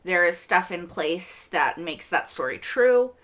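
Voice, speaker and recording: A young woman with a lowish, bright, forward voice talks through a TV episode she just watched, reaction-video style. She's casual and excitable yet unhurried, speaking in chatty bursts full of asides.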